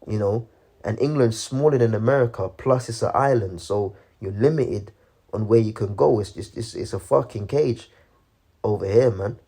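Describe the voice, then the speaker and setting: A man giving casual religious commentary, halting with many restarts and filling every pause with "man" and "you know". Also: fairly low pitch, dark tone, breathy edge.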